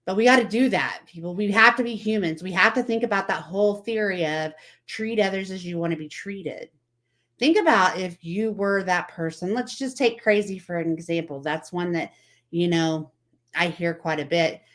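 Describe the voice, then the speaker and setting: A woman's voice: on the low side, moderate pace, a bit bright. Chatty woman giving motivational talk. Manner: conversational, repeats herself, quotes people in acted voices. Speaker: vlog host. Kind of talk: casual motivational talk to camera.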